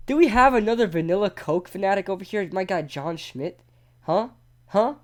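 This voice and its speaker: A man hosting a casual live sports talk stream, excitable and talking straight to his chat. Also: high-pitched, normal speed. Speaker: sports talk show host.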